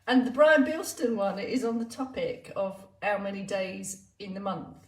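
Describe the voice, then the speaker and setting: A woman's voice: medium pitch, lively intonation, normal speed, a little mellow. Chatty woman, roomy distant sound. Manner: chatty, playful, laughs often. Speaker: exercise instructor. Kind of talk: live-streamed casual chat.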